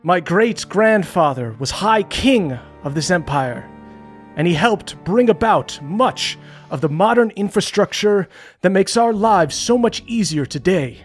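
A woman's voice: fairly low pitch, lively intonation, a little slow, soft background music, pitched above the performer's own voice. A woman voicing a pompous rich nobleman giving a grand, showy speech. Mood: grandiose.

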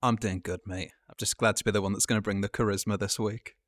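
A man's voice: fairly low pitch, fairly even intonation, fast talker, dry recording. A man co-hosting a podcast in casual chat, trading dry, teasing banter. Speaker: podcast co-host.

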